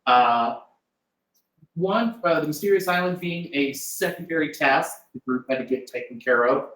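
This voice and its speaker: A man's voice: on the high side, normal speed, fairly bright tone, reverberant, rough recording. A man acting as game master, casually recapping a tabletop session for players at a live-streamed table, with a loose, rambling delivery full of hesitations and chuckles. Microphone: desk mic with in-ear monitor.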